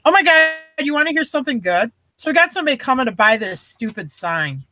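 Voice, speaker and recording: Woman guest, bright and lively, spinning quick anecdotes in casual chat. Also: high voice, dry recording. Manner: animated, quick storyteller. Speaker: reseller guest. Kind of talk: casual storytelling.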